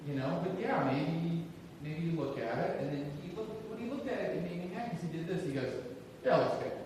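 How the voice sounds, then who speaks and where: A man's voice: on the high side, lively intonation, a little fast. A man doing a stand-up comedy set on a theater stage, self-deprecating, acting out the people in his stories. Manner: self-deprecating, acts out shouted quotes. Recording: roomy hall from a distance, noisy. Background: audience laughter.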